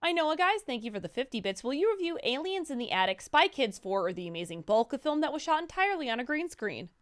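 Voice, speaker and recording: High, lively woman reading viewer messages. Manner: brisk, upbeat, stumbles over hard names. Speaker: co-host reading viewer donations. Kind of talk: reading out chat messages on a live stream.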